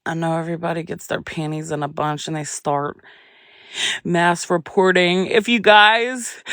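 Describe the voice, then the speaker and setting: Slow-drawling woman chatting on a livestream. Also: lowish voice, a bit bright, no echo, studio quality. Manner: drawling, chatty, humming to herself between remarks. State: pregnant. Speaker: livestream host. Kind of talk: casual livestream chat with viewers.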